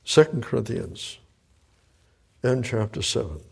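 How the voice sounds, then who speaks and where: A man preaching, reading scripture verse by verse and explaining it, moving between loud emphatic bursts and hushed quiet passages. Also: mid-range voice, lively intonation, unhurried, vocal fry, husky. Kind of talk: verse-by-verse Bible teaching.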